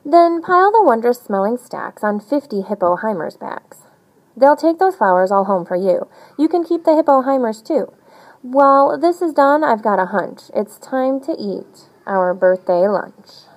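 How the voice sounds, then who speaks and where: A woman reads a rhyming picture book aloud in a bouncy, sing-song way. Her pitch rises and falls widely from line to line. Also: moderate pace, rough recording. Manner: animated, sing-song storytelling. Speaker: storybook reader.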